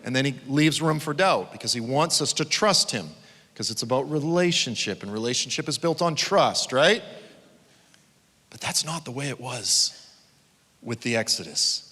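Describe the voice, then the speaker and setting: A man preaching a conference sermon, an animated storyteller who acts out quotes with sudden shouts. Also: mid-range voice, normal speed, husky, long reverb tail.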